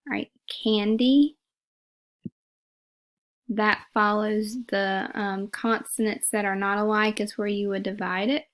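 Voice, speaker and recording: A woman's voice: medium pitch, steady tone, slow pace. A woman teacher giving a phonics lesson, patiently repeating words and sounding them out syllable by syllable.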